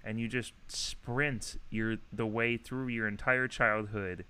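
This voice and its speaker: A man's voice: on the low side, steady tone, slow pace, pushed and bright, smooth. A young man co-hosting a casual comedy podcast, joking around and laughing often. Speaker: podcast co-host.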